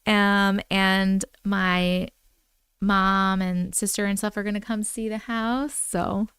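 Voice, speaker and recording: A woman's voice: mid-range voice, little pitch movement, slow pace, a bit bright, clear, resonant tone, no room sound, clean studio sound. A woman hosting a live stream from home, chatting casually and bubbling as she reacts to viewers' comments.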